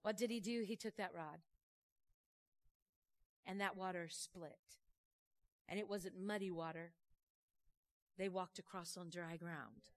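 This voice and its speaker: A woman preaching a sermon, telling a story in a lively, conversational way, with folksy phrasing and questions tossed to the congregation. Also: fairly low pitch, slow, pauses often. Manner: animated, conversational, asks the crowd questions.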